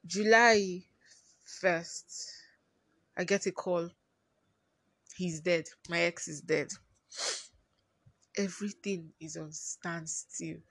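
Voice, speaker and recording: A woman hosting her own podcast, talking through a personal story in a confiding way and often trailing off quietly. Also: on the low side, steady tone, slow pace, pauses often, slightly rough, dry recording. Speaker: podcast host.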